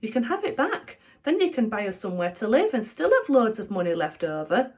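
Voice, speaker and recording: A woman's voice: on the high side, sing-song, fairly quick, a little mellow, husky. A woman voicing an earnest, kind young boy who talks in an eager, heartfelt way in a storybook.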